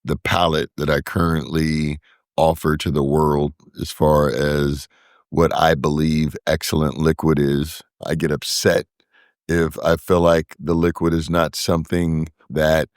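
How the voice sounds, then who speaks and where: A man with a very deep voice talks casually as a podcast guest. He often repeats a word or two while he hunts for a name. The sound is dry and close, with no room around it. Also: measured pace, dry recording. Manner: relaxed, repeats words while searching for names. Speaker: podcast guest, brewery co-founder. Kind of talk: casual interview talk.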